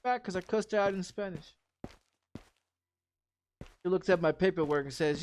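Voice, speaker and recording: A man's voice: high-pitched, normal speed. A man from Texas, a game streamer, telling an angry story in profane, cursing casual talk.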